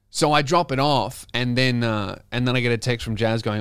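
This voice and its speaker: An Australian man, a comedian hosting his podcast, telling a story in an animated, swearing style and acting out the voices of people he quotes. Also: medium pitch, a little fast, few pauses, clean tone, no room sound, studio quality. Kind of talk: comic storytelling monologue.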